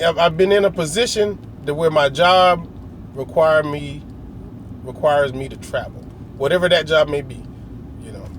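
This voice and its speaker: A man's voice: on the high side, a bit bright, a little hiss or hum. A middle-aged man telling a long, rambling story in a casual, slangy way, often acting out other people's lines. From United States. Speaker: vlogger.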